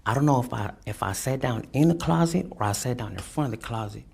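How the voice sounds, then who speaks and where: A man giving courtroom testimony, halting and repeating his words, often adding "you know what I'm saying". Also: mid-range voice, animated, creaky, a little mellow, husky. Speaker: defendant testifying.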